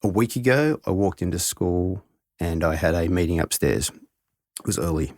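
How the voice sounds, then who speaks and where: A middle-aged man with a very low, husky voice tells a reflective story as a podcast guest. He talks in an earnest, heartfelt way. The sound is close and dry, with no room echo. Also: expressive, moderate pace, a little mellow. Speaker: head of school, guest.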